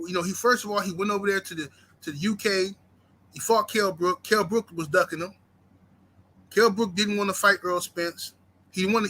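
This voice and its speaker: Over a heated boxing commentary, the host's high-pitched voice carries a sharp, forceful edge. He curses without restraint, throws rhetorical questions at listeners, and keeps a fired-up, combative intensity.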